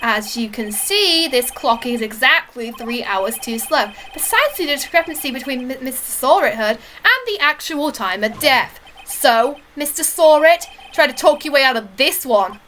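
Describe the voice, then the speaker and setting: Woman as an earnest young lawyer, pressing, high voice. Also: animated, a little slow, few pauses, fairly bright tone, slight background noise.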